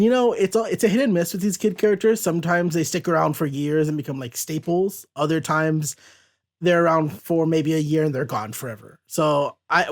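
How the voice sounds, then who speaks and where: A man hosting a casual comic book discussion show, chatty and upbeat. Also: a little high. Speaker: podcast host.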